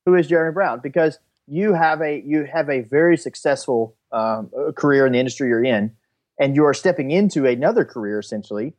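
A man's voice: a little high, a little fast, darkish tone. Earnest man co-hosting a podcast. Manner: earnest, reflective. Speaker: podcast co-host. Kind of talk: casual podcast chat.

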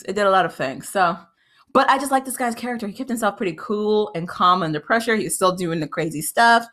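A woman giving casual, opinionated commentary as a TV recap host, frank and animated, often jumping up in pitch when exasperated. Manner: frank and critical, with filler "like" and restarts.

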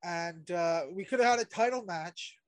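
A man's voice: high voice, normal speed. A man co-hosting a wrestling podcast, talking laid-back with lots of fillers and swearing. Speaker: podcast co-host. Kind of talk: casual wrestling podcast chat.

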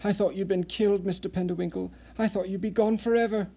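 A man's voice: fairly even intonation, fast, vocal fry, warm tone, slightly rough, heavily acted. A man reading an audiobook, voicing a nervous, eager man who gushes and talks in a breathless tumble. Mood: excited. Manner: breathless, tumbling, high-strung. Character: anxious eager middle-aged man, gushing.

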